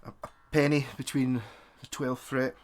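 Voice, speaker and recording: A man's voice: mid-range voice, flat delivery, moderate pace. Chatty man tinkering aloud. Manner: chatty and self-mocking, talks while working with his hands. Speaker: guitar tinkerer, video maker. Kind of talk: casual thinking-aloud commentary while working.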